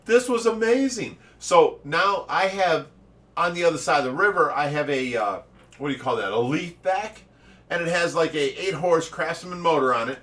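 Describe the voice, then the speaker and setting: Animated man telling stories, laughing. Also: on the high side, normal speed, recorded from a distance. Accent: Ohio. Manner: animated storyteller, laughs often. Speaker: fish rescue owner, livestream host. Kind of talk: casual livestream chat.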